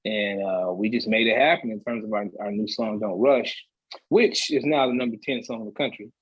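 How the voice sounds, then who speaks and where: A man's voice: lowish voice, brisk, husky, no echo. A man, a guest singer on a casual podcast interview, talking in a laid-back way on a slightly dull, muffled mic. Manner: laid-back, laughs easily.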